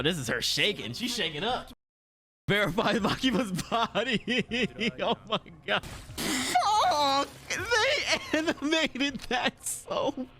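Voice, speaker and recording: A man reacting to an anime episode in casual commentary, swearing and laughing often and jumping into high yelps when startled. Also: creaky, pushed and bright. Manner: frequent laughter and profanity.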